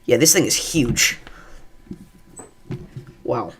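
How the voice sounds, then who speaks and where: A man hosting a live severe weather stream, giving excited commentary and repeating safety warnings as he tracks tornadoes. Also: mid-range voice, drawn-out words, slight background noise. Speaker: livestream weather host.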